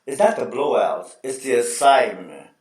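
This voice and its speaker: A man hosting a casual sports chat show, telling stories in an animated, slangy way. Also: medium pitch, normal speed. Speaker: host. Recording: echoey room, distant mic.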